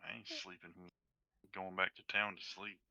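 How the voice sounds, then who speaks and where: A man's voice: low voice, steady tone, normal speed, vocal fry, pushed and bright. A man playing a tabletop game on stream, delivering wry, earnest speeches in character. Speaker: player. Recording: dull lo-fi mic.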